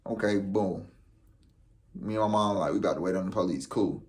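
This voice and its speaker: Speaking a little quickly in a low voice, a young man vlogs a story casually. He's animated and full of profane street slang, performing the quoted lines as he goes.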